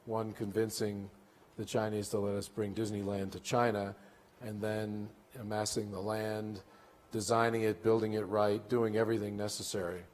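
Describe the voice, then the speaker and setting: A man in his sixties, a chief executive speaking onstage as a keynote guest, measured and deliberate with a light dry humor. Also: lowish voice, flat delivery. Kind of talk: onstage conference interview. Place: conference stage in a large hall. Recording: long hall reverb.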